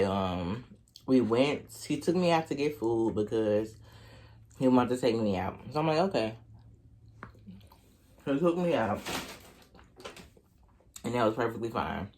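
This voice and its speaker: A young man from Oklahoma with a local accent, telling a profane, animated dating story while eating on camera. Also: mid-range voice, slow, long pauses. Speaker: vlogger. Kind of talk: storytime mukbang.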